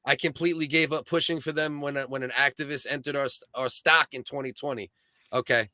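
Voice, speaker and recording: A man's voice: mid-range voice, steady tone, fairly quick, pushed and bright, no echo, studio quality. A man co-hosting a casual chat, earnest and rambling, with many restarts. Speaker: podcast co-host.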